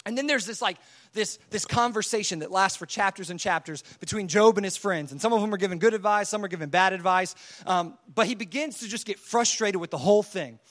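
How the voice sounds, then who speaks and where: High-voiced energetic young preacher man. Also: fairly quick. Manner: energetic, casual, acts out voices of God and people. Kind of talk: sermon.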